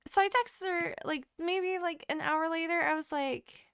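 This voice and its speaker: A woman co-hosting a podcast, telling a story in casual chat, animated and full of swearing. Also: very high-pitched, measured pace, vocal fry, dry recording, clean studio sound. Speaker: podcast co-host.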